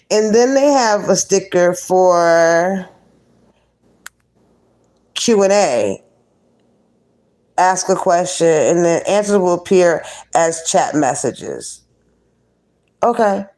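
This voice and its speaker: A woman's voice: lowish voice, a little mellow. A woman hosting a casual live stream, chatting with viewers and reading the chat aloud.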